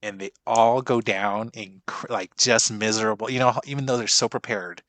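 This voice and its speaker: This man in his forties, a podcast co-host, has a lowish, fairly even voice with a slightly bright tone, moderate pace and no room sound. Chatting casually about a movie, he rambles and swears, often stopping and restarting his sentences.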